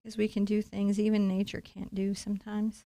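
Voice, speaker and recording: A woman's voice: mid-range voice, monotone, moderate pace, dark tone, dry recording. A woman leading a live-streamed painting lesson, talking playfully and encouragingly straight to her viewers. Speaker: painting instructor.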